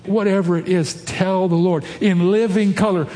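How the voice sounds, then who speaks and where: A man's voice: sits high, steady tone, normal speed, hardly any pauses, darkish tone, long reverb tail. A man pastor delivering a sermon, earnest and emphatic, lifting his voice on key points.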